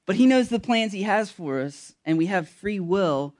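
A man with a notably high voice preaching a sermon. He keeps it casual and jokey, asks the congregation questions, and slows right down to hammer home key phrases. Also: animated, a little mellow. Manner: casual, joking, addresses congregation directly; slow, emphatic when stressing key words. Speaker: pastor.

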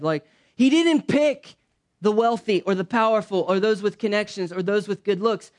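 High-voiced pastor preaching. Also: male voice, fairly quick. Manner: conversational preaching, swings between loud emphasis and soft low asides. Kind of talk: sermon. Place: church.

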